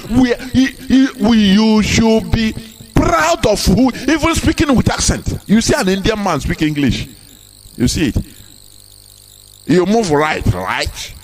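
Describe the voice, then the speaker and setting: A man with a Nigerian Igbo accent addresses listeners in a live broadcast speech. His voice sits somewhat high, and he drives his points home with repetition and rhetorical questions. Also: big pitch swings, unhurried, soft background music. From southeastern Nigeria. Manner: emphatic, repeats words and rhetorical questions. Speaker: activist broadcaster.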